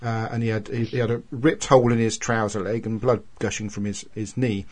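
A man's voice: on the low side, flat delivery, a little fast, darkish tone, slightly rough. A man, co-hosting a casual podcast chat and telling a long, rambling anecdote. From Wales. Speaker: podcast co-host.

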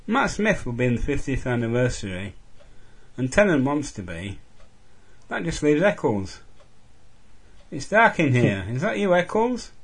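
A man's voice: mid-range voice, very animated, measured pace, long pauses, breathy edge. A man on a casual podcast chat, making dry wisecracks.

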